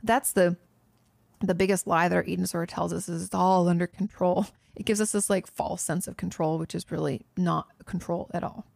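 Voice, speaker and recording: A woman's voice: fairly low pitch, fairly even intonation, a little fast, vocal fry, darkish tone, no echo, studio quality. A woman therapist hosting a podcast, answering listener questions in an earnest, direct way, speaking straight to the listener and often restarting her sentences. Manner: restarts and self-corrections.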